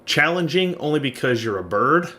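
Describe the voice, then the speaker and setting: A man's voice: on the high side, lively intonation, moderate pace, bright, forceful tone. Guy gm narrating a tabletop game, upbeat, laughs a lot. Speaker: game master.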